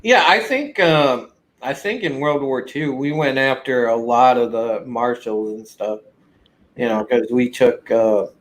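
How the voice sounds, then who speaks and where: Guy hosting a chill chat, rambles a lot, lots of ums, normal pitch. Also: a little slow. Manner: rambling, many fillers and restarts. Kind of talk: casual chat.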